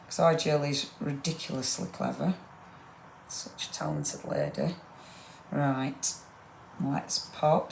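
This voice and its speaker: A woman's voice: deep voice, vocal fry, a little hiss or hum. A woman leads a live crafting demo, chatty and gushing with rambling asides. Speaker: craft demonstrator. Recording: roomy echo.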